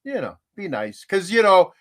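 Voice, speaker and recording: An older man with a slightly raised pitch tells a homey story at an easy, rambling pace. He talks in a folksy, relaxed way, chuckling often as he goes. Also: moderate pace. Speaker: podcast co-host. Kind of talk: casual chat.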